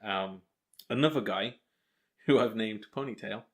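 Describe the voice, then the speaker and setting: A man's voice: on the low side, measured pace. A young man co-hosting a podcast, recapping an episode in a rambling, joking way with lots of ums. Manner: rambling recap with self-mocking jokes and frequent ums. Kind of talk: casual podcast chat.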